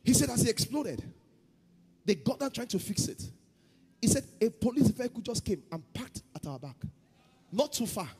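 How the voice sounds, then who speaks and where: A man preaching a sermon as pastor, shifting between loud chanted prayer and quiet storytelling. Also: very high-pitched, big pitch swings, normal speed, creaky, pauses often, husky, in a large hall. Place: church hall.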